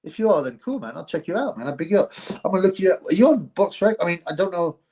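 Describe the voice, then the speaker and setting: A man's voice: high voice, expressive, very fast, a little mellow. A man hosting a live boxing stream, chatting casually to viewers in a blunt, rambling, slangy way. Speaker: host of a live boxing show.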